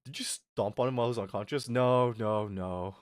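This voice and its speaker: A man's voice: medium pitch, brisk, dry recording. Young man, casual stream rant, swears a lot, dry close sound, mid voice. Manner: animated, swears a lot, flips between mutters and yells.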